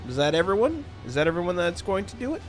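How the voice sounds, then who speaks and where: A man's voice: high-pitched, quick pace. A man live-streaming who chats with his audience, reads out story text theatrically and keeps breaking into laughter. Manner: excitable, breaks into laughter, theatrical when reading. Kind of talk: casual live-stream chat and dramatic reading. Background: faint background music.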